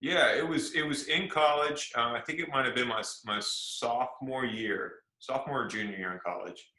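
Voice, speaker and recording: A man's voice: medium pitch, moderate pace. A young man from South Carolina, a guest actor, telling stories casually and acting out the quotes. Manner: animated storyteller acting out quotes. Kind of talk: casual storytelling interview. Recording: echoey room.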